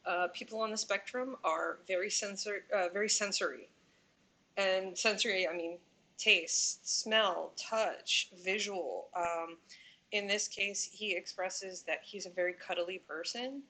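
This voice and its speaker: Woman, reaction commentary, bright tone, rambling, filler-heavy. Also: mid-range voice, slight background noise. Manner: speculative, rambling with many fillers. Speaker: commentary channel host.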